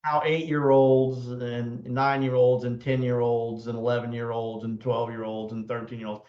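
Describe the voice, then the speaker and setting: A man's voice: mid-range voice, level tone, moderate pace, echoey room, dull audio. An older man, hosting a casual legal talk show in a folksy, rambling way with many "uh" restarts. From Florida. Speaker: attorney and show host.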